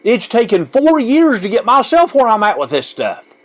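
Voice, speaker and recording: Man, preacher, fervent sermon, high voice, swooping lively pitch, emotional delivery. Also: moderate pace. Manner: fervent, emotional, repeats words and restarts.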